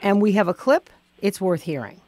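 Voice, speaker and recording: A woman hosting a radio interview, asking measured, probing questions from the studio. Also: medium pitch, very animated, a little mellow, slight background noise. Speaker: radio host.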